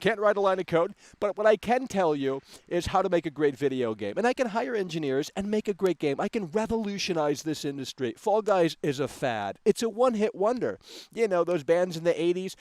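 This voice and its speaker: A man hosting a gaming livestream, ranting in a brash, combative way that swings into loud outbursts on a close mic. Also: high voice, lively intonation, fairly quick.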